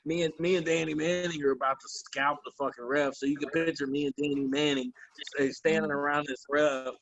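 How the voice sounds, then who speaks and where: A man on a phone call telling a profane, animated story. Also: fairly high pitch, fairly quick, dry recording. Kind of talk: casual chat.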